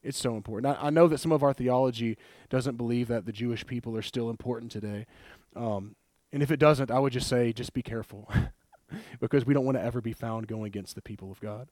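A man preaching a sermon in a conversational, animated way, laughing often and retelling scripture with acted quotes. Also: medium pitch, fast, no room sound, studio quality.

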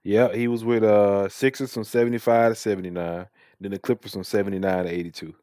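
A man's voice: on the low side, steady tone, quick pace, warm tone, no room sound, studio quality. A man co-hosting a podcast, laid-back and slangy in casual chat. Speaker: podcast co-host.

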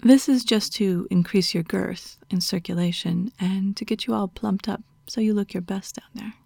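A woman's voice: mid-range voice, fairly even intonation, normal speed, gravelly, warm tone, breathy edge, no room sound. A woman voicing a stern, dominant female doctor who gives orders and scolds in a half-whispered voice, as whispered role-play. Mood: commanding.

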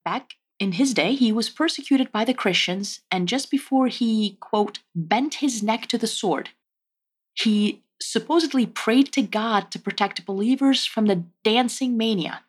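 A woman's voice: a little high, unhurried, slightly rough. A woman hosting a casual history podcast, telling the story with wry, joking asides. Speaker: podcast host.

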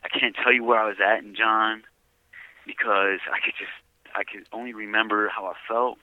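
A low-pitched man speaks earnestly and heavily about his past, his voice often sinking to a hush. The sound is dull and dry, like a call from a prison payphone. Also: steady tone, normal speed, dry recording. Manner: earnest, heavy, often hushed and breathy. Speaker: guest giving a testimony. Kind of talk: emotional personal testimony. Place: prison, calling in by phone. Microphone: prison payphone handset.

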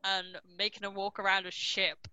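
A woman's voice: medium pitch, monotone, normal speed, sharp tone, highs cut off. A woman co-hosting a podcast, bantering in a teasing way and laughing often. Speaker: podcast co-host.

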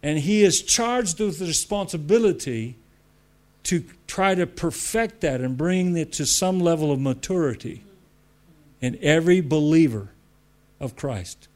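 A man's voice: fairly high pitch, animated, a little slow, darkish tone. A man preaching a sermon with emphatic repetition, laughing between points.

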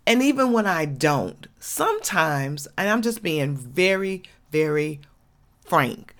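A woman's voice: deep voice, sing-song, slow pace, fairly bright tone. A woman, hosting an inspirational podcast and talking candidly and folksily straight to her listeners. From Georgia, USA. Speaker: podcast host.

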